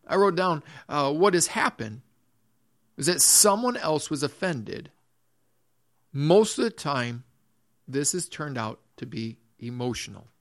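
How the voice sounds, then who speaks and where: A man's voice: fairly high pitch, animated, unhurried, long pauses. A man preaching a sermon in earnest, repeating his phrases, restarting sentences and reading scripture aloud. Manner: reads scripture in old-fashioned phrasing. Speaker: pastor.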